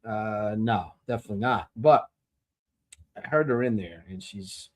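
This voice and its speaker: A man's voice: on the low side, unhurried. A man hosting a podcast, ranting in a casual, rambling monologue with plenty of profanity and restarts. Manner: blunt, profane and rambling, with many fillers and restarts. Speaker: podcast host.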